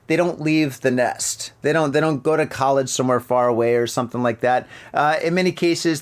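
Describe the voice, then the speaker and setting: A man hosting a podcast, reading news stories and riffing on them in an animated, profane, joking way. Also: a little high. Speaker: podcast host. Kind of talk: casual news commentary.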